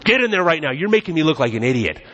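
A man's voice: a little high, big pitch swings, very fast, pushed and bright, highs cut off, pitched above the performer's own voice, heavily acted. A man acting as an emphatic father. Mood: demanding. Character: middle-aged father, demanding then pleading.

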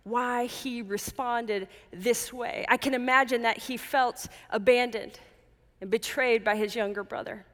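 Woman pastor, higher voice, earnest measured sermon delivery, church hall reverb. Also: fairly even intonation, fairly bright tone. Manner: earnest, measured, with emphatic repetition.

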